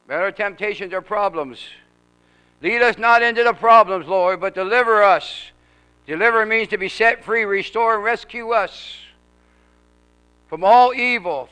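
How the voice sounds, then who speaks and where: A man's voice: high-pitched, sharp tone, clear, resonant tone, low-quality recording. A male preacher leading a congregation in prayer in an auditorium, fervent, with rhythmic, repeated calls.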